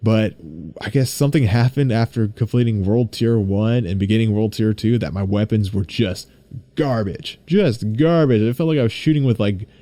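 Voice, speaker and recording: A young man hosting his own podcast, chatting casually and excitably, rambling and swearing freely. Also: on the low side, moderate pace, dry recording. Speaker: podcast host. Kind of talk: casual solo podcast chat.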